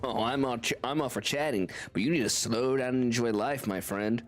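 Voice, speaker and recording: A man's voice: mid-range voice, a little fast, faint music behind, voice pushed down, natural voice. A man voicing a smug, showy male city entertainer from a video game, reading his lines in a snooty, theatrical manner. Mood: teasing.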